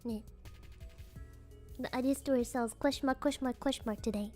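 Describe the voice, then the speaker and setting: High-voiced playful woman streamer. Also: fairly even intonation, normal speed, dark tone, faint music behind. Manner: playful, giggly, trips over tongue twisters; mixes in Japanese fillers. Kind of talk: casual stream chat.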